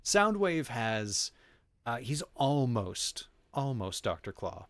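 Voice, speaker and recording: A man's voice: medium pitch, sing-song, slow, fairly bright tone, dry recording. Chatty male livestreamer, dry sound. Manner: chatty, rambling, reacts to chat with laughs. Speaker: livestream host. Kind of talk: casual chat while playing a game.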